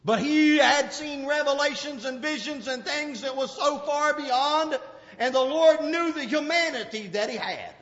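High-voiced impassioned male preacher, echoing hall. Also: unhurried. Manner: impassioned, swinging from loud outbursts to low murmurs. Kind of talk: sermon. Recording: dull lo-fi recording with long hall reverb.

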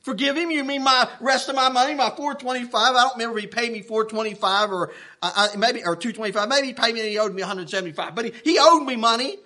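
A man preaching a sermon, telling a story in an animated, worked-up way with plenty of restarts. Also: extremely high pitch, fast talker. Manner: folksy, animated, getting worked up.

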